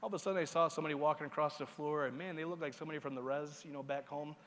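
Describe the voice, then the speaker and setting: A man's voice: a little high, fairly even intonation, rapid-fire, fairly bright tone. Casual joking man in a reverberant hall. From Seneca Nation. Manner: casual, joking, checks in with the audience. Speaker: master of ceremonies. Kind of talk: conference opening remarks. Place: large conference hall.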